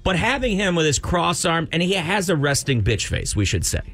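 Man, radio co-host, casual chat, fairly high pitch, expressive. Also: fairly quick, gravelly. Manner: chatty, riffs on the guest's stories.

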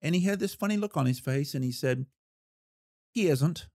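A man's voice: fairly high pitch, expressive, normal speed, a little mellow, no room sound, studio quality. A man, a former federal investigator, telling a case story in a folksy, plain-spoken interview manner and acting out the voices he quotes.

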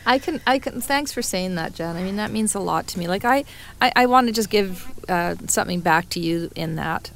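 Gravelly-voiced woman co-host, earnest. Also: mid-range voice, lively intonation, a little fast. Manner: earnest, restarts and repeats words. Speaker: podcast co-host. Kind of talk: casual heartfelt chat.

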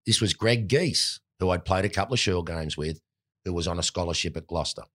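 A deep-voiced Australian man in his sixties recounts his early sporting career with lively, animated storytelling. His voice sits low and he tells each anecdote with energy. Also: a little fast. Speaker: former cricketer, guest. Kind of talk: storytelling interview.

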